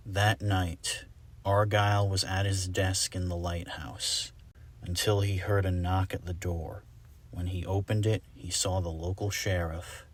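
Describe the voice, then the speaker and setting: A man reading a fan-made storybook aloud, slow, soft and deliberate. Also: deep voice, level tone. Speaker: audiobook reader. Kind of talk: storybook narration.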